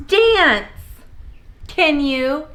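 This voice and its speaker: Bright, slow-talking woman teaching preschoolers. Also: sits high, lively intonation. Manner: slow, cheerful sing-song prompting for little kids. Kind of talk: children's lesson video.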